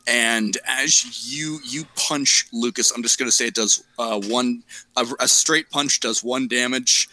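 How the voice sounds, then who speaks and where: A man's voice: medium pitch, fairly even intonation, measured pace, sharp tone, no room sound, rough recording. A man narrating as game master of a tabletop game, improvising vivid descriptions with frequent restarts.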